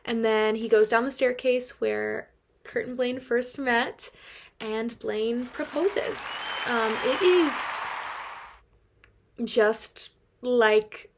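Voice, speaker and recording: A woman's voice: on the high side, very slow, vocal fry, some chatter behind, slight background noise. Chatty young woman gushing as a fan. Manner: casual swearing. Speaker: video essay creator. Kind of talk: casual commentary video essay.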